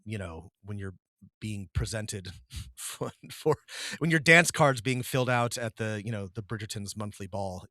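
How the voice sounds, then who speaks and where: A man co-hosting a podcast chats casually in a low-leaning, bright, forceful voice, rambling and often restarting between laughs. The recording is dry and studio quality.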